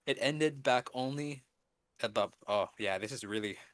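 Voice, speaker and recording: A young man co-hosting a podcast, telling a story in a rambling, halting way full of fillers. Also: mid-range voice, a bit bright, no echo. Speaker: podcast co-host. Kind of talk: casual storytelling.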